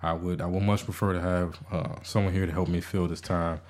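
Male podcast host, very low voice, rambling, stammering, self-deprecating. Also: flat delivery, brisk, a little mellow. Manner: rambling, stammering restarts, frequent swearing. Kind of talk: casual podcast monologue.

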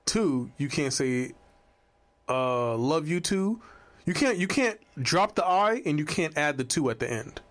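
A man in casual, swearing banter, animated and jumping up in pitch when excited. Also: a little slow.

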